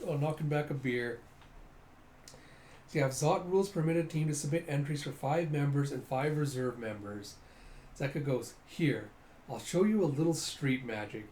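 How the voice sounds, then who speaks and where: A man casually reading through a comic, narrating in an excitable way, constantly saying "you see" and "he's like.". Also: a little high, normal speed, a little hiss or hum. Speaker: comic reader.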